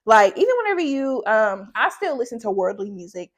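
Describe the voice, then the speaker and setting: A woman's voice: on the high side, very animated, fairly quick. A young woman chatting casually in a faith vlog, rambling, saying "like" often and laughing between thoughts. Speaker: faith vlogger.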